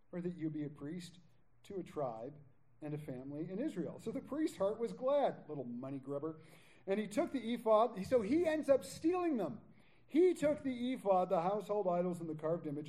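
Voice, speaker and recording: A male pastor preaching a conversational sermon, his pitch sitting high and swinging widely as he reads and comments. His tone is mellow rather than sharp, and he slips easily from scripture into joking asides. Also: rough recording. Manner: animated, jokey asides and casual paraphrase between readings. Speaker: pastor teaching a Bible study.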